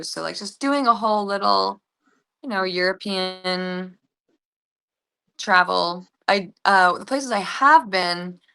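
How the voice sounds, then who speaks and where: Chatty young woman with a gravelly edge. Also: fairly low pitch, bright, forceful tone. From United States. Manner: chatty, rambling with many fillers. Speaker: actress, guest. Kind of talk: casual interview chat.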